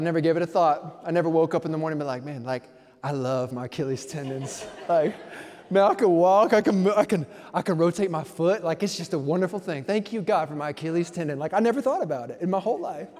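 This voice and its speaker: A man's voice: a little high, darkish tone, long reverb tail. A man pastor preaching a conversational sermon, telling stories in a playful way.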